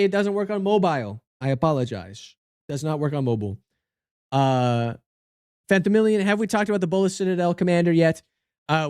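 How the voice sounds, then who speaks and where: A man's voice: on the high side, darkish tone, clear, resonant tone, no echo, clean studio sound. A man talking casually to his livestream chat, goofy and joking as he reviews game cards.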